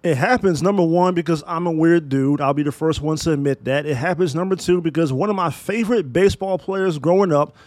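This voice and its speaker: A man's voice: a little high, fairly quick, few pauses, darkish tone, no room sound. A man in his thirties from Maryland hosting a solo podcast, talking in a blunt, profane, emphatic way. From Maryland, USA. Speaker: podcast host. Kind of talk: opinionated solo podcast monologue.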